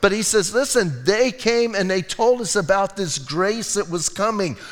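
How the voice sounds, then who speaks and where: Brief: male pastor, slightly high voice, chatty storytelling sermon, long hall reverb. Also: moderate pace, a bit bright. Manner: conversational storytelling preaching with asides and restarts. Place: church sanctuary.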